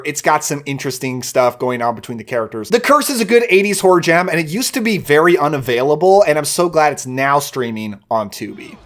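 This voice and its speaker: A young man hosting a film review channel, talking casually and enthusiastically about movies he recommends, gushing in quick bursts. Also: a little high, a bit bright.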